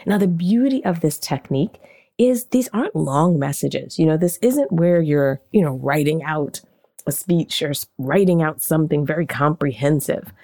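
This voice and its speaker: A woman hosting a podcast, teaching in an animated, conversational way and often asking questions aloud. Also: sits low, moderate pace. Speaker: podcast host and marketing coach. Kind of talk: casual teaching monologue.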